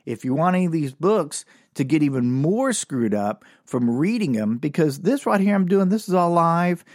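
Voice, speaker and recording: A man's voice: on the high side, very animated, normal speed, a little mellow, dry recording, clean studio sound. A man telling rambling, profane, self-mocking comic stories live as a podcast host.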